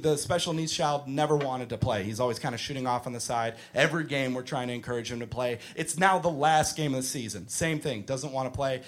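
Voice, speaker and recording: A man in his thirties doing stand-up, telling a story in a deadpan way that bursts into shouting. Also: a little high. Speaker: stand-up comedian. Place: comedy club stage.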